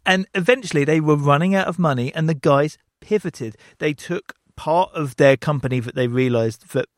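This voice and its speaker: A man's voice: fairly high pitch, moderate pace, dry recording, studio quality. A man co-hosting a podcast in a chatty, jokey way. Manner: chatty, jokey, with playful put-on voices. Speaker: podcast co-host. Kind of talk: casual podcast chat.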